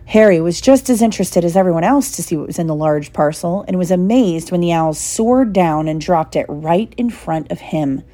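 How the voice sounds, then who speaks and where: A woman narrating a storybook at an unhurried pace. Her voice sits on the lower side and sounds mellow and warm, with an even, steady delivery. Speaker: audiobook reader.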